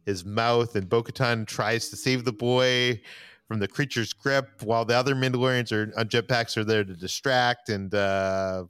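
A man's voice: medium pitch, steady tone, normal speed, fairly bright tone, clean tone, dry recording. A man hosting a casual podcast, recapping plot points and asking his co-hosts questions between laughs. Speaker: podcast host.

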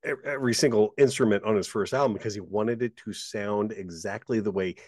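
A man's voice: on the low side, a little fast, no room sound. Jokey man in dry podcast chat. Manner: animated, jokey, swears casually. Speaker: podcast co-host. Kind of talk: casual chat.

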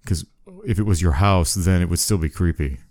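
A man casually telling a spooky story and chatting, relaxed and chuckling. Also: low-pitched, fairly quick, dry recording, studio quality. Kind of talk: casual spoken story and chat.

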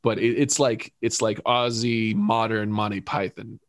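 A man with a somewhat low voice co-hosts a casual podcast, rambling through stumbles and restarts and breaking into laughter now and then. The sound is dry and close. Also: flat delivery, measured pace, no echo. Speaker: podcast co-host. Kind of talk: casual chat.

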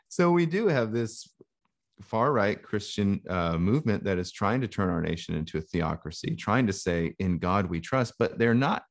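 A man's voice: lowish voice, lively intonation, a little slow. A man co-hosting a podcast, talking in a thoughtful, rambling way with frequent restarts. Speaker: podcast co-host. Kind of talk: casual chat.

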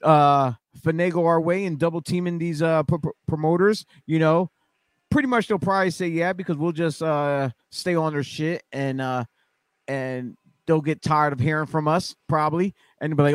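A man's voice: on the high side, fairly even intonation, normal speed, dry recording, clean studio sound. A man hosting a casual podcast, rambling along with stammering restarts. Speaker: podcast host.

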